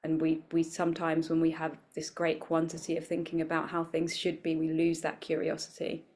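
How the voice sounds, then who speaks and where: A woman talks as an interview guest, her voice sitting fairly low. She is reflective and animated, slipping into small quoted voices as she explains her points. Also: brisk. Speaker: guest, wellbeing coach for business leaders. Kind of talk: conversational interview.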